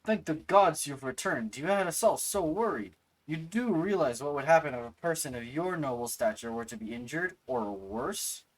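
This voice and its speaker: A man's voice: on the high side, lively intonation, moderate pace, rough recording. A man doing a fretful little court retainer. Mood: fretting. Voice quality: fretful, overly formal.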